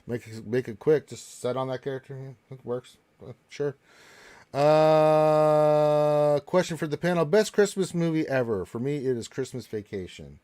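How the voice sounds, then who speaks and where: A man hosts a casual live Q&A panel, reading viewer questions aloud and answering them in a relaxed, rambling way full of fillers. His voice is on the high side and his pace is measured.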